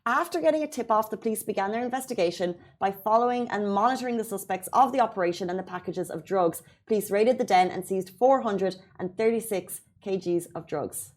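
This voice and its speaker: An Irish woman hosting a show, chatting playfully and reading the news, animated and quick to laugh. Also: medium pitch. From Ireland. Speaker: show host. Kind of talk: casual chat and news reading.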